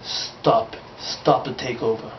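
A man's voice: medium pitch, fairly even intonation, slow, a little hiss or hum. A man in an amateur comedy sketch, rambling and improvising in a vague put-on foreign accent. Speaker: comic character host. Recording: roomy, dull lo-fi home video.

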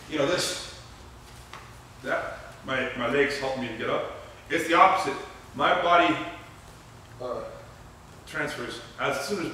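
A man teaching grappling moves on the mats, explaining and telling animated stories with loud excited bursts. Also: on the high side, a little hiss or hum. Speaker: grappling instructor. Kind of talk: mat instruction with demonstration. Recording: echoey gym recorded from a distance.

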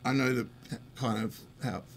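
A man's voice: mid-range voice, steady tone, normal speed. A man with a slightly barky voice, co-hosting a casual chat about guitars, laughing and rambling as he explains things. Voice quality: a bit barky. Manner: laughing, rambling, self-deprecating. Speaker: co-host. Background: guitar playing.

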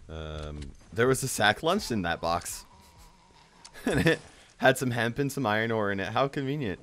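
A young man with a cold giving excitable let's-play commentary, yelping and laughing at the scares. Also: mid-range voice, moderate pace. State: has a cold. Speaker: gaming YouTuber.

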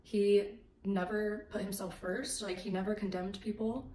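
A woman giving a casual faith testimony, animated and acting out the voices in her story. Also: medium pitch, measured pace. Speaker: faith vlogger. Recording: echoey room.

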